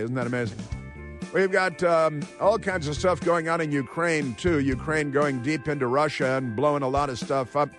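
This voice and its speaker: A man hosting a political talk radio show, delivering a sarcastic, mocking monologue. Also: fairly high pitch.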